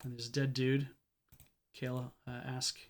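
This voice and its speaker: A man's voice: mid-range voice, level tone, unhurried. A man streaming a game, chatting casually and reading game text aloud as he plays. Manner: reads game text aloud, thinking out loud.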